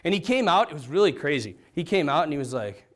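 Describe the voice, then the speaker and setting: A man, a priest, telling a personal story to an audience, swinging from hushed to excited. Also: a little high, quick pace. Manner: lively, dramatic swings from hushed to excited, laughs often. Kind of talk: animated storytelling talk to an audience.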